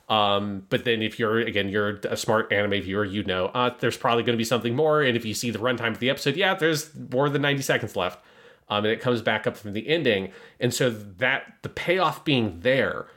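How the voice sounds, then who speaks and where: A man casually breaking down an anime episode, animated and analytical, with many fillers. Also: on the low side. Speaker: podcast co-host.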